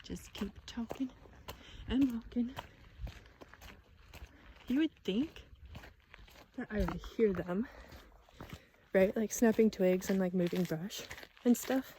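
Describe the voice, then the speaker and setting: A woman's voice: mid-range voice, mellow, a little hiss or hum. A young woman talking casually to her camera while hiking alone on a forest trail, slightly out of breath and chatty about watching for bears. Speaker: vlogger.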